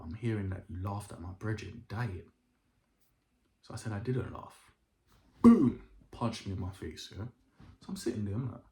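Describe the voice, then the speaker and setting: Animated man telling a story. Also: fairly low pitch, vocal fry. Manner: animated street slang, acts out quotes. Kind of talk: casual storytelling to camera. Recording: echoey room.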